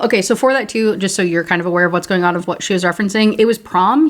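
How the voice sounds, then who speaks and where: A young woman reviewing a book, reading passages aloud with casual asides in between. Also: medium pitch. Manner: brisk reading, casual asides, slips into character voices.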